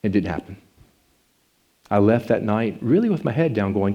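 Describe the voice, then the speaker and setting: A man preaching a sermon with a personal story, his delivery climbing into passionate pleading and sinking back low. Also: quick pace, highs cut off. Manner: animated, rising to passionate pleading then dropping low.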